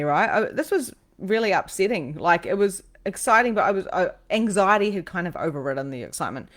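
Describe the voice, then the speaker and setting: A woman, a psychic host telling a personal story with lively energy, acting out what people said and swearing casually. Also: lowish voice, moderate pace, few pauses. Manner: animated, acts out quoted lines, swears casually.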